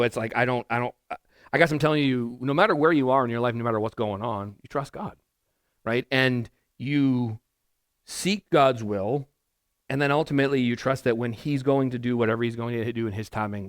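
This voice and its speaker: A man's voice: mid-range voice, no echo, studio quality. A male pastor giving a conversational, verse-by-verse sermon in a church, talking loosely with restarts and asides. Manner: casual and rambling, with many restarts and asides. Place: church sanctuary.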